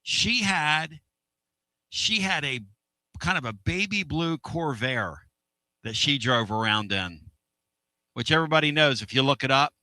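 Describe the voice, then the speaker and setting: Radio host guy, loud and bright, rambly and excited, dry close mic. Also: a little high, unhurried, long pauses, dry recording. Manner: energetic, rambling, laughs often. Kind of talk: excitable sports radio chat.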